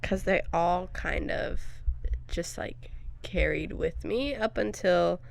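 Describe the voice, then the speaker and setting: Low, gravelly young woman co-hosting. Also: slow. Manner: candid, frank storytelling with frequent fillers. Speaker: podcast co-host. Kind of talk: casual chat.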